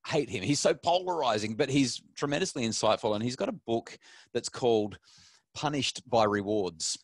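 A middle-aged man, an animated storyteller who restarts his sentences often as he gives parenting advice. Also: mid-range voice, normal speed, dry recording, studio quality. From Australia. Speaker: parenting expert. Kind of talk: talk to an online audience.

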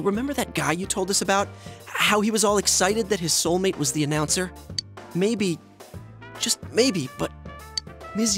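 Here a male voice actor performs an urgent, earnest schoolboy character for a video game, a determined teen who reasons things out aloud. The pitch sits high, with a slightly bright tone.

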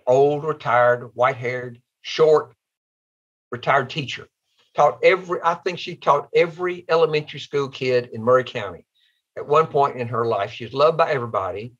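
A man's voice: mid-range voice, a bit bright, muffled recording. A man, a guest author telling heartfelt, folksy stories in an interview. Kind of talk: interview storytelling.

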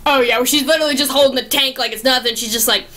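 A young woman giving a casual, gushing spoken movie review, excitable and full of restarts. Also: sits high, racing.

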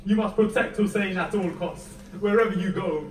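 Male lecturer, high-pitched, tearful and fervent storytelling; roomy hall sound, mic far off. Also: moderate pace. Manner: emotional, rising to near-wailing at peaks. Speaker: lecturer reciting Masa'ib. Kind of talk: Muharram majlis lecture with narrated story. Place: mosque or community hall. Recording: echoey hall, mic heard from a distance.

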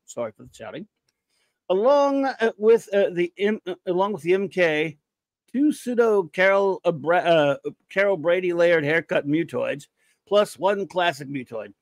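A man hosting a podcast in a casual, rambling way, reading out listener reviews and breaking into jokes and bursts of shouting. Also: sits high, expressive, moderate pace, dry recording. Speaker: podcast host.

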